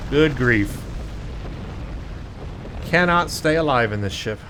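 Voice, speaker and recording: A man's voice: mid-range voice, lively intonation, takes it slowly, pauses often, pushed and bright, soft background music. A man hosting a let's play, giving gameplay commentary in a self-deprecating, exasperated way.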